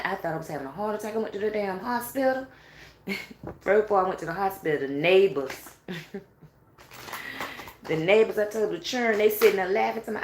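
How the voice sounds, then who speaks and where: A woman telling a spiritual story in a casual monologue, animated and profane, with laughing asides. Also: mid-range voice, fairly quick, reverberant, slight background noise.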